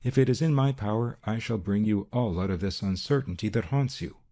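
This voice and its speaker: A man with a low, gravelly voice playing a calm male detective professor who speaks in a measured, reassuring way. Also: close to an everyday voice.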